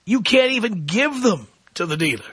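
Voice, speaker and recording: Middle-aged radio host guy mocking callers, sharp bright tone, dead dry studio sound. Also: high-pitched, sing-song, normal speed, breathy edge, no room sound. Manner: ranting, mocking, sarcastic. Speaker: radio talk show host. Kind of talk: opinionated talk radio monologue.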